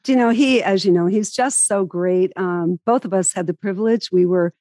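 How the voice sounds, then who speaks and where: A woman's voice: medium pitch, moderate pace, dry recording. Chatty woman interviewer, dry sound. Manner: lively storytelling, chatty. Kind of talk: casual interview.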